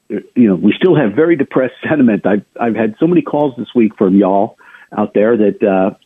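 A husky-voiced man hosts a radio show, walking listeners through the week's markets in a loose, conversational way. He speaks at a middling pitch, stumbles and restarts often, and talks to the audience as "folks". The sound is thin and narrow, like a phone line. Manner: chatty, addresses listeners directly, many restarts. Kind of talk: financial market commentary.

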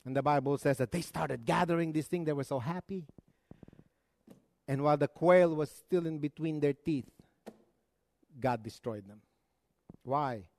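A man's voice: a little high, moderate pace, pauses often, darkish tone, dry recording. A male pastor preaching a sermon, with conversational asides and dramatic rises and drops in his delivery.

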